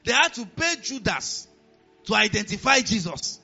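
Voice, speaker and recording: A Nigerian pastor delivers a sermon in a high, sharply bright voice that swings up and down with energy. He preaches animatedly, slipping into pidgin asides. The recording sounds a little dull, with faint music underneath. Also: sing-song, moderate pace, gravelly, husky.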